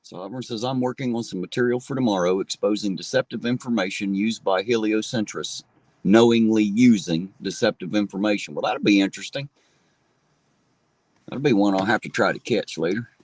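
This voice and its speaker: A man's voice: lowish voice, fairly quick, a little mellow, no echo. A middle-aged man from southern Ohio with an Appalachian drawl, chatting casually and profanely as he reads viewer comments on a livestream from a parked car. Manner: folksy, profane, laid-back. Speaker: livestream host.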